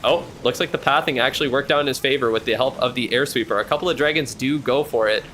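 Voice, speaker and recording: A man calling a match live in loose, chatty play-by-play. His voice sits at an ordinary middle pitch, and he jumps on every turn with quick, excited reactions and a casual swear now and then. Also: slight background noise. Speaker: streamer commentating a match.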